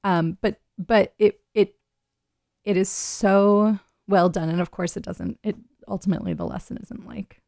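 A woman's voice: medium pitch, fairly even intonation, unhurried, gravelly, a little mellow, no echo, studio quality. A woman hosting a live radio show in casual chat, rambling and laughing often as she talks. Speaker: radio host.

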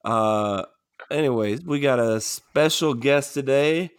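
A man's voice: medium pitch, slow pace, clean tone, no room sound. A man hosting a podcast, joking crudely in casual chat while feeling unwell. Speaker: podcast host.

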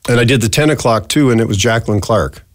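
A man in his sixties, a retired news anchor, telling lively anecdotes as a studio interview guest. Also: mid-range voice, fast, no echo. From Canada. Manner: chatty, animated anecdotes, acts out quotes. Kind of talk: relaxed storytelling in a studio interview. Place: podcast studio.

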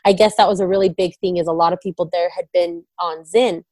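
A woman's voice: lowish voice, steady tone, fast talker, a little mellow, no room sound. A young woman candidly telling an emotional personal story, often quoting herself and her husband. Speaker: guest, wife of a recovering addict.

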